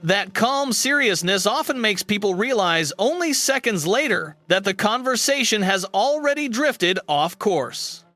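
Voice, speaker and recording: A man reading a scripted narration in a smooth, even delivery. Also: high voice, a little slow, hardly any pauses.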